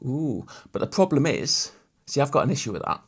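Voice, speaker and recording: Gravelly chatty man. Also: medium pitch, sing-song, fairly quick. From Lincolnshire, England. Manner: chatty, rambling, teasing viewers. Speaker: livestream host. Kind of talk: casual chat while working on a guitar.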